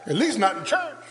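Older guy preaching, high-pitched, calls out to the congregation, echoey church. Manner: call-and-response preaching, rising to shouts. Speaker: pastor. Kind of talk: sermon. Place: church sanctuary. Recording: long church reverb.

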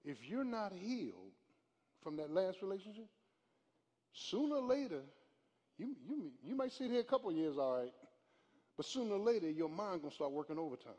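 A man's voice: high-pitched, big pitch swings, normal speed, pauses often, muffled recording. Older preacher man in a reverberant church. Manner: preaching with swings from hushed storytelling to loud shouts. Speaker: pastor. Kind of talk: live sermon. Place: church sanctuary. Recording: live church hall with long reverb.

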